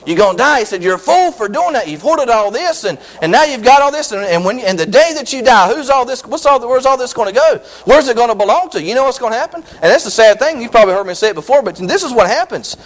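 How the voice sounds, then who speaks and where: Excitable pastor, high lively voice. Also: male voice, quick pace, few pauses, rough recording. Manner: excitable, repetitive preaching with many restarts. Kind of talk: sermon.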